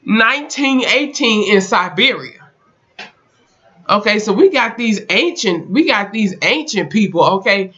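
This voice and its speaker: A YouTube reviewer retelling a TV episode in a loose, animated way, using plenty of slang and swearing and acting out the characters' lines. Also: mid-range voice, unhurried, muffled recording. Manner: acts out characters' lines in quotes. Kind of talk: casual episode recap.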